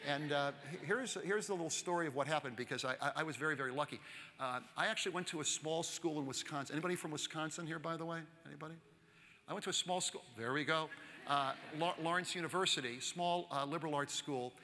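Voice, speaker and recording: A man in his sixties tells a long story at a keynote, chatty and quick to ask the crowd questions. His voice sits a little high and has a bright, forceful edge. The sound carries the long reverb of a large conference hall. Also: slight background noise. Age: 60s. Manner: lively, chatty, asks the audience questions. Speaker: keynote speaker.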